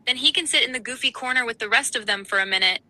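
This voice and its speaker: A synthetic woman's voice with a calm, higher-pitched Valley Girl manner, speaking as an AI chatbot in a live call-in chat. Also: very fast. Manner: calm, even, composed delivery. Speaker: AI chatbot panelist. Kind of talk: live-stream call-in banter.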